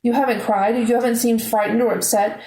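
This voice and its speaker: A woman's voice: a little high, fairly even intonation, a little fast, mellow, reverberant, lightly acted, rough recording. A woman voicing a tearful, upset teenage girl who talks emotionally. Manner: weepy, emotional.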